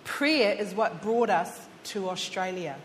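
A woman's voice: medium pitch, lively intonation, slow. A woman preaching a sermon in a chatty storytelling way, speaking straight to her listeners. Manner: chatty, addresses listeners directly. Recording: long hall reverb, faint background hum.

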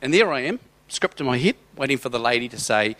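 A man's voice: medium pitch, lively intonation, quick pace, fairly bright tone. A middle-aged man giving a sermon as a personal story, conversational and rambling, with hesitant restarts. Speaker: church speaker.

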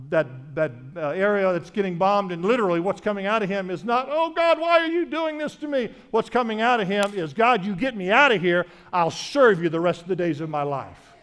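Man, pastor, sermon, high voice, emphatic, repetitive. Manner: emphatic, repetitive preaching with restarts.

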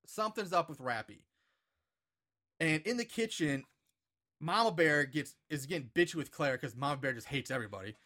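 A man's voice: fairly high pitch, lively intonation, normal speed, bright, forceful tone. A man co-hosting a podcast, recapping a movie in a rambling, profane, casual way. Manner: rambling, profane, filler-heavy. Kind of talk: casual chat.

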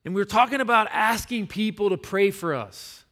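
A man's voice: high-pitched, moderate pace, a bit bright. A man, a pastor, preaching a sermon in a conversational storytelling way, repeating words for emphasis.

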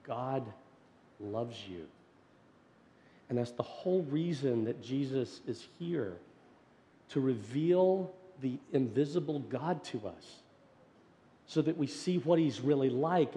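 A man preaching a sermon as pastor, telling a family story and swinging from loud, animated passages to hushed, gentle ones. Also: on the high side. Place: church sanctuary. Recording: long hall reverb.

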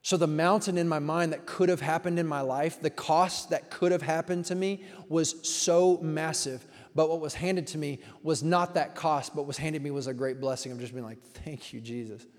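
A male pastor giving a relaxed, conversational sermon, telling stories and asking the congregation questions. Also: a little high, normal speed, few pauses. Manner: casual, storytelling, engages the congregation with questions. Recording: long hall reverb.

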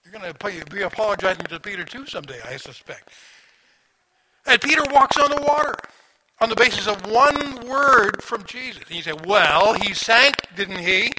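A man preaching a sermon in a conversational, animated storytelling manner, asking the listeners questions. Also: high voice, brisk, rough recording. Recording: audible background noise.

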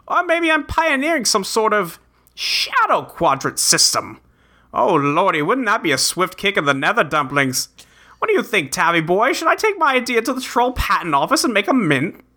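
A woman's voice: fairly high pitch, bright, forceful tone, voice pushed up. A woman reading a quirky young male adventurer who talks in folksy, old-fashioned slang, rambling and exclaiming. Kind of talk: reading a webcomic aloud.

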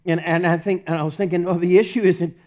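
A fervent male pastor with a fairly high voice delivers a sermon. He drops to near-whispers on repeated phrases, then builds to ringing declarations, stumbling over restarts and chuckling as he goes. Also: steady tone, quick pace. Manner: impassioned, swings from hushed to loud with restarts and chuckles.

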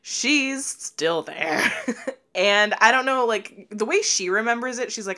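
A young woman spins a funny family tale in casual conversation. Her delivery is animated, often breaking into laughter, and she slips into quick impressions of the relatives she quotes. Her pace jumps around between rushed asides and slow, stretched punchlines. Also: medium pitch. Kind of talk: casual storytelling chat.

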